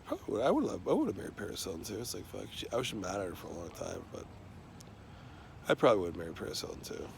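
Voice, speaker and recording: Gravelly low-voiced man rambling, swearing. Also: very animated, very fast, a little hiss or hum. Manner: rambling, heavy swearing, many fillers and restarts. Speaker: rambling monologue speaker. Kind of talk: casual rambling monologue.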